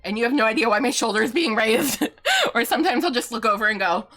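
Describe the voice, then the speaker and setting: A woman's voice: fairly high pitch, very animated, fast, sharp tone. A middle-aged woman streaming live from home, chatting casually, answering viewer questions and laughing often.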